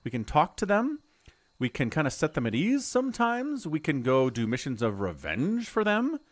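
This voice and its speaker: Lively chatty male game streamer. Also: a little high, normal speed, no room sound. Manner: chatty, rambling, explains as he plays. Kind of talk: casual live-stream commentary.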